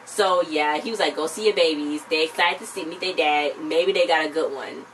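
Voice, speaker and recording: Low-voiced woman on a distant mic. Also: brisk. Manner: animated retelling, voicing the characters' lines. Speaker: co-host reviewing a TV episode. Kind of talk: casual chat. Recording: distant mic with faint background noise.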